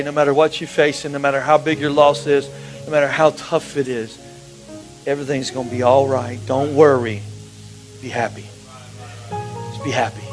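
A man preaching a sermon, telling a personal story with emotion, his voice dropping to a hush and rising again. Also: mid-range voice, rough recording. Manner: emotional storytelling, swings from hushed to raised.

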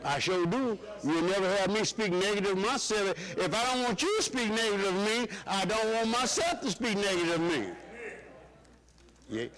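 A man's voice: animated, moderate pace, a bit bright, rough recording. A man preaching a sermon to his church, calling out questions for the congregation to answer. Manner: call-and-response preaching, rising and dropping pitch.

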